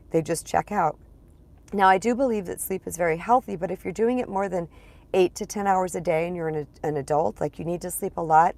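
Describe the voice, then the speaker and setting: This woman's voice is medium-pitched, gravelly, and darkish in tone. A spiritual empowerment coach talking casually to a live-stream audience, she's somewhat congested, clears her throat, repeats words, and keeps calling everyone "you guys."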